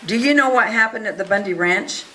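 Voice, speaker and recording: A woman telling an audience a first-person story in an earnest, animated way, acting out the dialogue. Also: medium pitch, brisk, a little hiss or hum, poor audio. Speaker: speaker recounting events to an audience.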